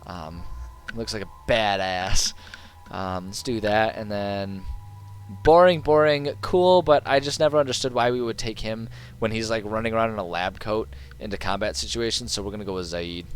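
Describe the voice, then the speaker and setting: A man's voice: on the low side, moderate pace. A male streamer giving casual, sarcastic commentary while playing, heckling the characters. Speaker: game streamer. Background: faint game music.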